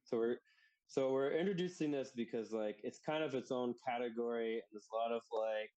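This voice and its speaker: A man's voice: medium pitch, a little fast, highs cut off. Male podcast co-host, easygoing, meandering delivery full of fillers. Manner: relaxed, rambling with many fillers. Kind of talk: casual chat.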